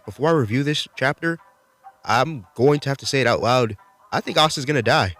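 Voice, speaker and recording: A man's voice: medium pitch, animated, brisk, fairly bright tone, faint music behind. A man casually reviewing a manga chapter, swearing freely as he recaps the fights. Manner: laid-back, profane, enthusiastic recapping. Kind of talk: casual video commentary.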